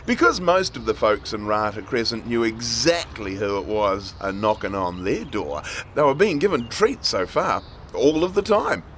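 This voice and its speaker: Expressive man reading a children's story. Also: medium pitch, moderate pace, shouting, background noise. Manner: expressive, playful.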